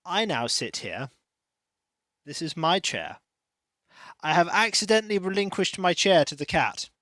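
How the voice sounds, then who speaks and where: A haughty female house cat, smug and dismissive, proudly claiming a chair as her own, as a man puts her on in his own slow, dry voice. The voice is slightly high and unhurried. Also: expressive, a bit bright, no echo.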